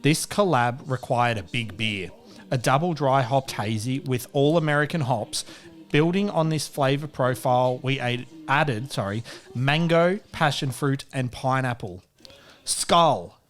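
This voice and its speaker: A man co-hosting a relaxed beer podcast. He rambles along in a laid-back way, with plenty of fillers and casual swearing. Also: mid-range voice, unhurried. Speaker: podcast co-host. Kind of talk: casual beer-tasting chat. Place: shed during heavy rain.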